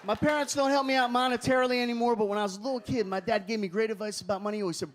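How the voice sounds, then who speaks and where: High-voiced animated young stand-up comedian. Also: male voice, very fast, few pauses. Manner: animated, shouting punchlines in character voices. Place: comedy club stage with live audience. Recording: live club audience and room noise faintly behind.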